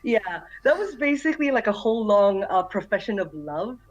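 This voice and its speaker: A woman's voice: medium pitch, big pitch swings, moderate pace, dull audio. A woman chatting casually in an online voice meeting, enthusiastic and full of fillers. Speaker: community member introducing herself. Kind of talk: casual voice chat.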